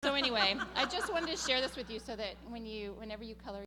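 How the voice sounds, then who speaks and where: A woman giving a tribute speech at a gathering, telling animated stories and laughing often. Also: fairly high pitch, fast, slight background noise. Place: event gathering.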